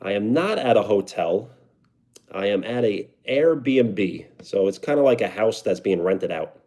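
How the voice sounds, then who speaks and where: A man's voice: on the low side, expressive, measured pace, mellow. A young man with a New York accent, chatting casually on a live stream and answering viewer comments. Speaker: livestreamer.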